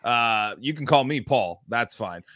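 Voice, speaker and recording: A man's voice: mid-range voice, animated, a little slow, sharp tone, no room sound, studio quality. A man hosting a sports podcast, ranting emphatically and frustrated, with many restarts. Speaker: podcast host.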